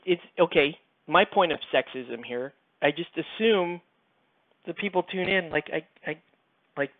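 American guy streaming while he paints miniatures, rambling and joking with chat, with a lot of pitch movement, on a thin phone-like mic. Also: no echo. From United States. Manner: rambling, joking, talks straight to viewers. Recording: tinny, lo-fi, close dry mic.

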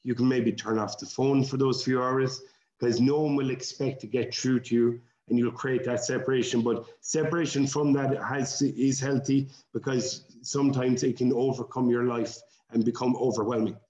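A man's voice: medium pitch, fairly even intonation, moderate pace, mellow. Man, roomy dull video call. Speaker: coach panelist. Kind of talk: calm discussion.

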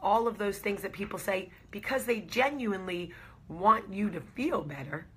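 A woman hosts a casual talk straight to camera. She is earnest and reassuring, and she leans on repeated phrases for emphasis. Her voice is husky and slightly breathy, at a middle pitch. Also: normal speed, fairly bright tone. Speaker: host.

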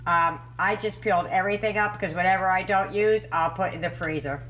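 A woman's voice: mid-range voice, fairly quick, fairly bright tone, a little hiss or hum. A middle-aged woman hosting a home cooking video, chatting and thinking aloud as she cooks. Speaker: cooking channel host. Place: home kitchen.

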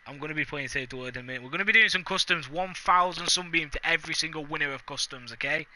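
A man's voice: a little high, quick pace, pushed and bright. A man streaming a video game live, hyped and boastful, trash-talking and joking with his chat. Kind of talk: live gaming stream banter.

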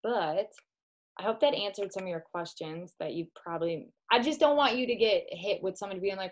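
A woman's voice: medium pitch, brisk, lo-fi sound. A woman with a Midwestern American accent, a direct sales consultant chatting casually while showing products at home and calling the listener "girl". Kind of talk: casual home video demo.

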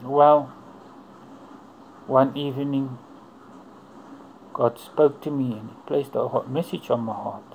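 A man sharing a personal faith testimony, earnest and unhurried, with a middle-pitched voice. His phrases come in short pieces with pauses between them. A faint hiss sits under the voice. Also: fairly even intonation, vocal fry, a little mellow, low-quality recording. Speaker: churchgoer giving testimony.

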